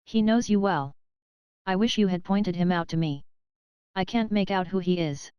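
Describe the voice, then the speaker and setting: A woman's voice: on the low side, moderate pace, dark tone, smooth, no echo, lo-fi sound, lightly acted. Woman voicing a curt young English officer. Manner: curt, dictatorial questioning. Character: brusque young male English official, defensive.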